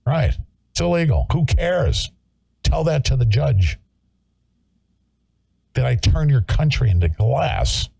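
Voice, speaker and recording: A man's voice: medium pitch, very animated, takes it slowly, creaky, long pauses, mellow, breathy edge, dry recording. A male talk show host ranting in an angry, confrontational way and hectoring his listeners. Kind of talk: political talk show rant.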